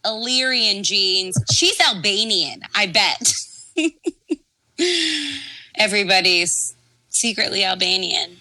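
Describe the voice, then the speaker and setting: A woman co-hosting a casual comedy podcast, speaking in a dry, sarcastic, drawn-out way. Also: medium pitch, sharp tone, dry recording, poor audio. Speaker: podcast co-host.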